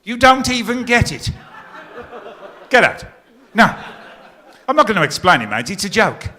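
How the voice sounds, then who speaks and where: A middle-aged man comparing a stage competition, telling jokes with deadpan punchlines and teasing the live audience. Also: sits high, moderate pace. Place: stage in a pier theatre before a live audience.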